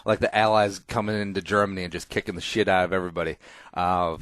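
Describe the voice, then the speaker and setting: A man's voice: low voice, steady tone, fast, a bit bright, no room sound. A man hosting a casual podcast, opinionated and emphatic, rambling and swearing freely, on a close studio mic. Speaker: podcast host.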